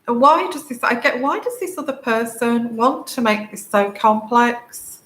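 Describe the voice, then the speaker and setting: A woman giving a tarot reading to camera, tearful and crying, talking haltingly with many fillers and restarts. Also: on the high side, lively intonation, fairly bright tone. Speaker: tarot reader. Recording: echoey room, faint background noise.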